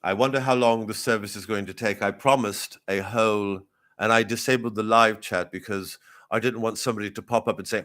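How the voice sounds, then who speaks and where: A man riffing as a pompous royal correspondent in a rambling, deadpan, improvised satirical live commentary. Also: on the low side, brisk. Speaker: comedian in character as a royal correspondent.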